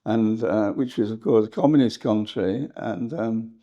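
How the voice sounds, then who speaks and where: An older English historian reminiscing in an interview, rambling and hesitant, with frequent laughs. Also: male voice, on the low side, a little slow, warm tone, muffled recording. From England. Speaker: historian guest.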